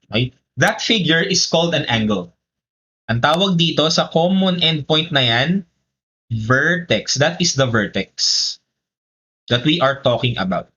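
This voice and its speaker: A man with a Filipino accent walks through a geometry lesson one step at a time, moving between English and Tagalog. His voice is bright and forward, and the stream audio comes across a little dull and lo-fi. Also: fairly high pitch, animated, unhurried, breathy edge. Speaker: teacher. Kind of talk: live online math lesson.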